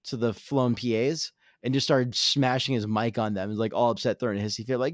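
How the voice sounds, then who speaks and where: A man co-hosting a podcast in casual chat, speaking in a relaxed, easygoing way with offhand slang. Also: mid-range voice, brisk, hardly any pauses, dry recording, studio quality. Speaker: podcast co-host.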